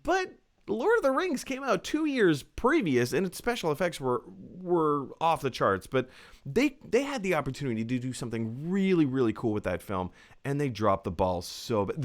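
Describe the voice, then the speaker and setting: A man's voice: on the high side, wildly swooping pitch, moderate pace. A man hosting a casual film-chat show, talking in an upbeat, chatty way with plenty of fillers. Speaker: host.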